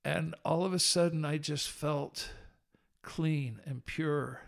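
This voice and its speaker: A man with a slightly higher voice and a gravelly, creaky texture recounts a personal faith experience. He tells it earnestly and with animation, slowing down for solemn moments and rushing through lighter asides. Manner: animated, shifts between slow solemn and quick telling. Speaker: podcast guest. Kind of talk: earnest personal testimony storytelling.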